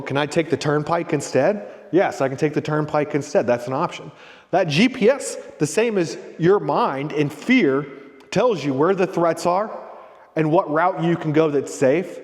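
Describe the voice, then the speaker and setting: A man's voice: fairly high pitch, long reverb tail. A middle-aged man hosting a leadership discussion group. He coaches in a loose, rambling way and keeps checking in with "right?" and "okay?". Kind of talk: casual motivational talk.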